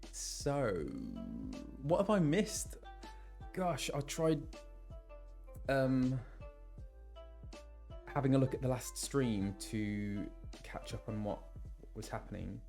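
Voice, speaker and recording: A man's voice: mid-range voice, expressive, very slow, long pauses, a little mellow, faint music behind. A man who voices game characters, chatting casually with his live-stream viewers and reading out where they are from. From England.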